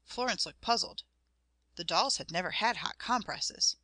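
Brief: woman narrator, bright forceful tone, measured storytelling, dry close sound. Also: medium pitch, animated, no echo. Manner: measured storytelling, addressing the listener. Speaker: audiobook narrator. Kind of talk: scripted narration.

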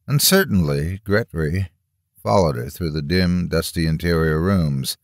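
A man narrating a horror story as a dramatic audiobook reading, slow and measured with tense swells. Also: low-pitched, dry recording, studio quality.

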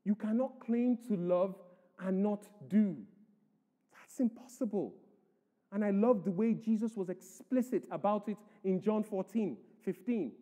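Guy preaching in a church, pretty high voice, mellow tone, emphatic, echoey hall. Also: measured pace. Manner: emphatic preaching, reads scripture aloud. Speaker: pastor. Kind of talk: sermon.

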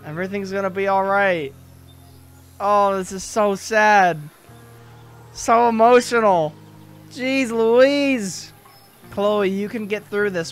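A man's voice: sits high, takes it slowly, long pauses, smooth, soft background music. A man hosting a let's play, reacting emotionally and sympathetically as he comments on the game.

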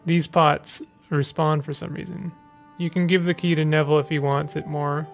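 A man's voice: fairly high pitch, flat delivery, normal speed, vocal fry, faint music behind. A man streaming a video game, chatting casually with his viewers and making playful, joking asides. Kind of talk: casual gaming commentary.

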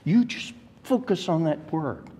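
Husky, slow male Bible teacher with reverb. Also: fairly high pitch, animated, warm tone. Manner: emphatic, rises sharply on key words; addresses the class directly with questions. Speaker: adult Sunday school teacher. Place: church classroom. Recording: long reverb of a church hall.

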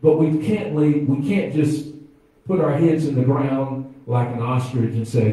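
A pastor preaching a sermon, calling out to the congregation and swinging from quiet asides to loud exclamations. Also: male voice, mid-range voice, a little slow. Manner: preaching with call-and-response to the congregation. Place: church sanctuary. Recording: echoey church from far off.

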